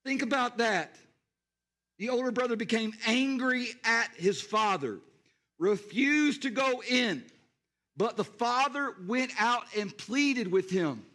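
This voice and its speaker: Man preaching, high voice, animated, speaks straight to the congregation. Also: takes it slowly. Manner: animated, addresses the congregation directly, acts out scenes. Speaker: pastor. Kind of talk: sermon.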